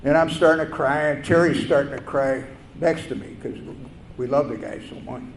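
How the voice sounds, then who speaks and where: An older man telling a personal story at a recovery meeting, halting and reflective, with fillers and restarts. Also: medium pitch, vocal fry. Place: meeting hall. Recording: echoey room with faint noise.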